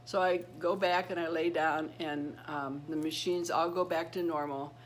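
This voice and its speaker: A middle-aged woman telling a personal story to her channel. She speaks earnestly and haltingly, with many restarts and repeated words. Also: deep voice, steady tone, slight background noise. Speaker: channel host.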